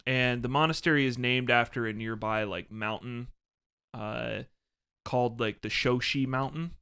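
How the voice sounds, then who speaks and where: A man's voice: mid-range voice, fairly even intonation, moderate pace, bright, forceful tone, clear, resonant tone. A young man co-hosting a casual podcast, laughing easily and explaining history at length. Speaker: podcast co-host.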